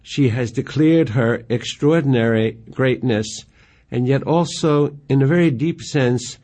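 A man giving a measured, admiring lecture on poetry. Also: mid-range voice, mellow. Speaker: literature lecturer.

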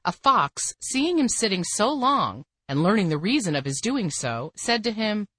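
A woman's voice: medium pitch, big pitch swings, moderate pace, few pauses, pushed and bright, slightly rough, dry recording. Woman narrating a fable, dry and close. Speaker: fable reader. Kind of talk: storybook narration.

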